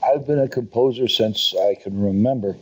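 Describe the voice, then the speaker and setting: Older man, soft husky low voice. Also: normal speed, low-quality recording. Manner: reflective, digressive storyteller. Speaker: composer and guest. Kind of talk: conversational interview. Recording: online video call stream.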